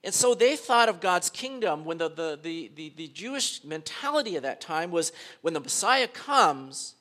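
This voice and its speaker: A man's voice: a little high, sing-song, moderate pace, fairly bright tone. A man preaching a sermon as pastor, conversational, with frequent fillers and restarts.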